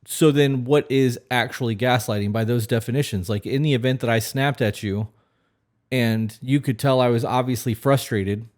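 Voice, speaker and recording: A man's voice: mid-range voice, moderate pace, a little mellow. A man co-hosting a podcast, talking frankly and questioningly in casual chat, swearing freely. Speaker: podcast co-host.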